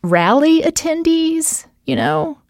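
Woman on a politics podcast, animated, pitch jumps up a lot, says like and you know, dry mic. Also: no room sound. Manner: animated, rising emphasis, quick laughs, many "like" and "you know". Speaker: podcast co-host. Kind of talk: political discussion.

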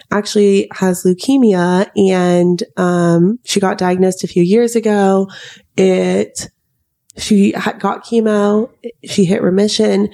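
A woman's voice: fairly low pitch, vocal fry, dark tone. A young woman in her twenties, co-hosting a podcast and telling a long story in a chatty way, full of "like" and "um". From United States. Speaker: podcast co-host. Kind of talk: casual chat.

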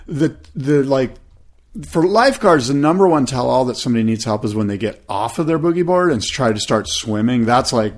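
A man's voice: medium pitch, animated, a little fast. A man co-hosting a surf podcast, telling stories in a laid-back, rambling way full of fillers. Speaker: podcast co-host. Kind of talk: casual surf chat.

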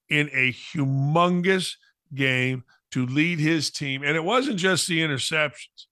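A man's voice: on the high side, takes it slowly, sharp tone, no echo, clean studio sound. A man hosting a sports talk show, giving an opinionated monologue with emphatic repetition and mocking asides.

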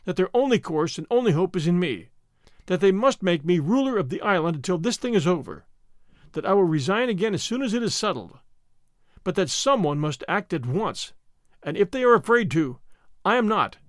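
A man's voice: sits high, big pitch swings, normal speed, no echo, clean studio sound. A man reading the part of an impulsive young American consul, talking in emphatic bursts. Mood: excited.

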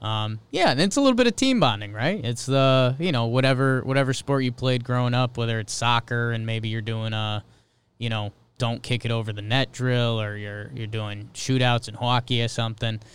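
A man co-hosting a casual sports podcast, playful and riffing on jokes in quick banter. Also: medium pitch, smooth. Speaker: podcast co-host.

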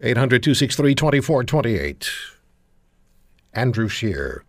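A man's voice: mid-range voice, big pitch swings, a little slow, vocal fry, no room sound, studio quality. A man hosting a phone-in radio talk show, speaking in an indignant, emphatic, rhetorical way.

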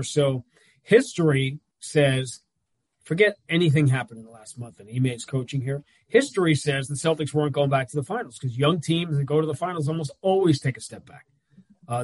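A man, a radio play-by-play announcer, talking sports as a guest on a video call, telling animated stories with quick asides. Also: a little high, breathy edge, dry recording, low-quality recording. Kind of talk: casual sports talk over video call.

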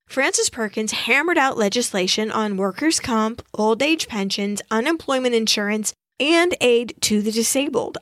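Higher-pitched woman telling history. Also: no room sound, clean studio sound. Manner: expressive storyteller, reads quotes aloud. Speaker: podcast co-host. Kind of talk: casual history podcast chat.

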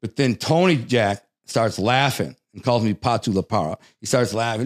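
A man from the Detroit area, a guest telling casual stories, animated and swearing, acting out the voices of people he quotes. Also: medium pitch, moderate pace. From Detroit area, United States. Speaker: interview guest. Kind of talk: casual storytelling.

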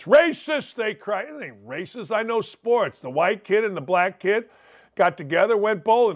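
Brash high-voiced sports talk host. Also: male voice. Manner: brash, rambling, punchy asides. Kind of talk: opinionated sports talk monologue.

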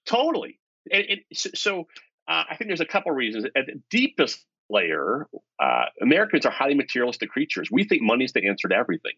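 A husky-voiced man tells an animated story, dropping to near-asides and then jumping up with excited emphasis. The sound is close and dry, with no room around it. The recording itself is slightly dull. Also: mid-range voice, quick pace, no room sound. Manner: energetic, swings between hushed asides and excited emphasis. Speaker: author and guest.

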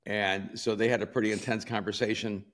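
Older pastor from El Salvador, low voice, rambling anecdotal style with laughs. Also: male voice, flat delivery, brisk. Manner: warm storyteller, laughs often, many ums and restarts. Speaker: pastor and author. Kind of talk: storytelling in a sit-down interview.

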